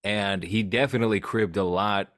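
A man's voice: on the low side, normal speed, fairly bright tone, no room sound. A man hosting a podcast, chatting casually about films with dry humor. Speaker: podcast host. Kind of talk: casual film chat.

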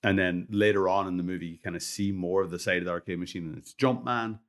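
A man's voice: low voice, fairly even intonation, quick pace. A man co-hosting a podcast in casual chat, joking and teasing his friend. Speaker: podcast co-host.

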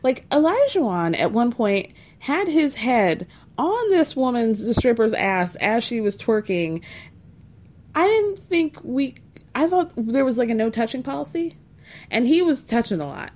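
A woman's voice: on the high side, big pitch swings, normal speed, a little mellow, a little hiss or hum. A woman hosting a podcast, recapping a reality show in a snarky, chatty way with many asides. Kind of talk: casual chat.

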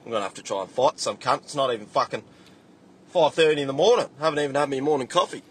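A man's voice: mid-range voice, quick pace, a little hiss or hum. A man leaving a ranting voice message, swearing constantly as he tells a story. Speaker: caller sending a voice message. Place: in a car on the way to work.

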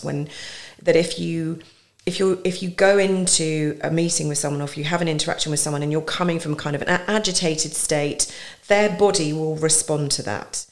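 Low-voiced woman coach explaining calmly. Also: creaky. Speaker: executive coach, guest. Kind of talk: conversational podcast interview.

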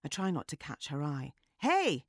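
A woman narrating a story in a measured, wry and understated way. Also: deep voice, a little mellow, dry recording, studio quality. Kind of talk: audiobook narration.

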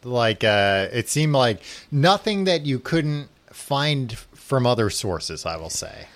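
A man's voice: mid-range voice, sing-song, takes it slowly. A man co-hosting a podcast, dry and teasing, laughing often in casual comedic chat. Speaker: podcast co-host.

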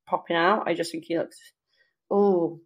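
A woman co-hosting a casual podcast, her voice full of gravelly fry. She is enthusiastic and keeps murmuring agreement as others talk. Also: fairly low pitch, steady tone, moderate pace, muffled recording. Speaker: podcast co-host. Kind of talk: casual chat.

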